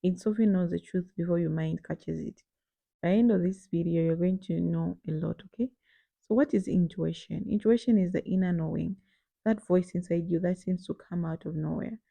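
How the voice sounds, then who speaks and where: A woman hosting an advice channel, talking straight to her viewers and often checking in with a quick "okay?". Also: lowish voice, steady tone, gravelly, no echo, narrow, tinny audio. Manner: addresses viewers directly, tag questions like "okay?". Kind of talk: advice talk to camera.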